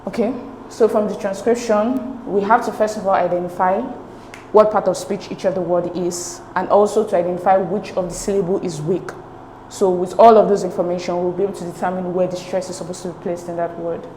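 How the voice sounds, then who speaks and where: A woman's voice: lowish voice, steady tone, fairly quick, dark tone. A woman working through English exam questions as a tutor, explaining them step by step with a patient manner and checking in with "okay?". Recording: echoey room with faint noise.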